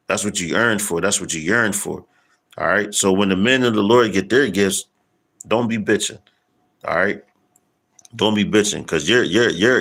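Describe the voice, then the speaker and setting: A man preaching in a casual street style, slangy and profane, stopping to read scripture verses slowly with emphasis. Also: fairly low pitch, gravelly, fairly bright tone.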